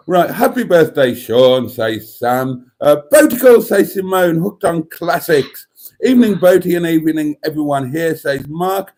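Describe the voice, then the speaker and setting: A man's voice: on the high side, measured pace, a little mellow. A man hosting a casual livestream, reading out viewer comments in a chatty, jokey way. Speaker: livestream host.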